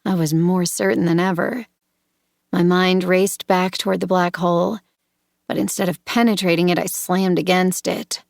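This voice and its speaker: A woman narrating a first-person audiobook in a measured, tense storytelling manner. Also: lowish voice, flat delivery, gravelly, no echo, studio quality.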